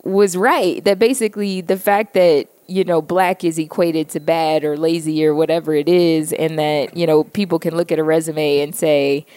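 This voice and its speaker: American woman, kinda low voice, laughs a lot and cusses, dry close sound. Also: fairly even intonation, normal speed, hardly any pauses, mellow, smooth, no echo. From United States. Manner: frank and laughing, swears freely. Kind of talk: casual chat.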